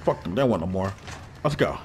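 A man's voice: sits low, animated, a little fast, a little hiss or hum. A man doing casual gameplay commentary, trash-talking and slangy, swinging from hyped to frustrated. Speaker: gaming YouTuber.

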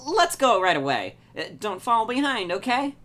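Woman doing a brash, shrill young bee girl. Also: very animated, normal speed. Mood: excited. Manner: loud, hot-headed and boastful. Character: brash impatient young female bee explorer.

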